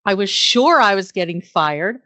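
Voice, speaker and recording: With a bright, forceful tone, this middle-aged nurse practitioner speaks in an animated mid-range voice at a measured pace. As an interview guest she shares career anecdotes earnestly, filling pauses with frequent ums and uhs, in a dry recording.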